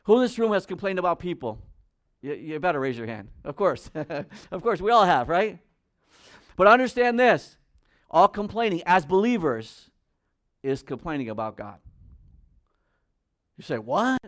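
A man with a fairly high voice preaching a sermon in church. He talks emphatically and puts questions straight to the congregation. His voice rises for stressed words and drops low and quiet for asides. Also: big pitch swings, moderate pace, pauses often. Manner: asks the congregation direct questions. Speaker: pastor.

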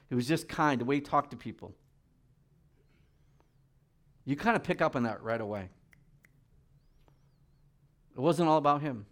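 A middle-aged man preaching a sermon as pastor, reading scripture and acting out the people in it in lively voices. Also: medium pitch, a little fast, long pauses.

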